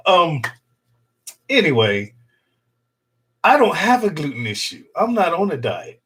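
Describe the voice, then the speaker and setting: This middle-aged man hosts a casual livestream from home through a desktop USB microphone, his voice fairly high, fairly bright and slightly rough. He is very animated yet takes it slowly, with long pauses, rambling and joking with viewers and laughing a lot.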